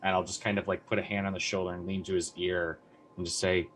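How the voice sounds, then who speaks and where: A man's voice: sits low, level tone, fast, fairly bright tone, slight background noise. A man playing in a tabletop game, talking casually in a playful way. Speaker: player.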